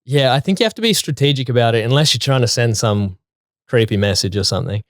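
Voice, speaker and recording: A man's voice: mid-range voice, lively intonation, fast, no room sound, studio quality. A man co-hosting a podcast in casual, rambling chat full of fillers. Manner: laid-back, rambling with fillers. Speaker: podcast co-host.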